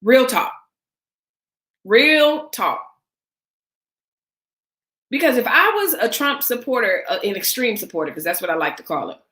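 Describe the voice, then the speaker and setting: A woman's voice: a little high, sing-song, fast talker, few pauses, pushed and bright, reverberant, poor audio. A woman hosting a casual livestream chat, candid and emphatic, speaking straight to her viewers with a sarcastic edge. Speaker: livestream host.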